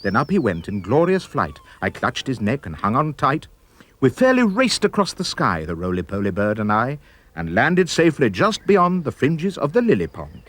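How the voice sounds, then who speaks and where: A man narrating a rhyming storybook in a playful, expressive way. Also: medium pitch, normal speed. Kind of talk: storybook reading in rhyme.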